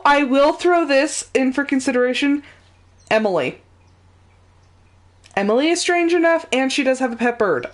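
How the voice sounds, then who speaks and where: A woman streamer chatting casually and laughing often while commenting on a game she is playing live. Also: a little high.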